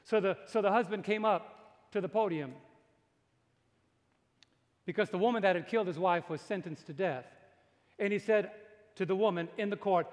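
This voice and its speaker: A pastor preaching a dramatic sermon to a congregation, slowing down to stress his points. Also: high voice, big-room sound. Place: large church before a congregation.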